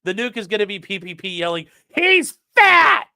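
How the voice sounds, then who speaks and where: A man's voice: high-pitched, steady tone, quick pace, fairly bright tone, clear, resonant tone, no room sound, clean studio sound. A young man, a streamer and trial lawyer, chatting casually on a live stream, rambling, swearing and reading chat aloud.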